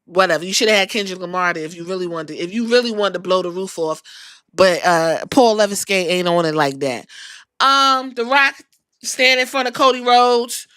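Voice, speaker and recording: Podcast host, woman, mid pitch, animated and profane casual recap, dry recording. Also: normal speed, smooth, dry recording.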